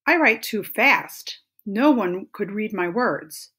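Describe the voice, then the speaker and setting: A woman voicing a hasty rabbit in a storybook read-aloud who makes quick, dismissive excuses. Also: mid-range voice, animated, bright, forceful tone, breathy edge, exaggerated voice.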